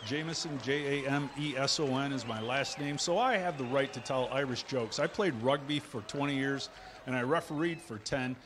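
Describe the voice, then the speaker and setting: A man's voice: mid-range voice, normal speed, noisy background. A man hosting a casual company show, joking, laughing often and wandering into asides. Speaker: host. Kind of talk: casual chat.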